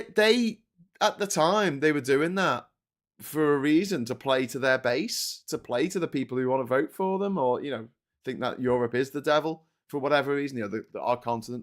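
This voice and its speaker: A Liverpool-accented man hosting a live political stream, furious and foul-mouthed as he rants. He fires off rhetorical questions and curses freely, with a voice of middling pitch. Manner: angry, sweary, ranting, rhetorical questions. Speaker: political commentary host.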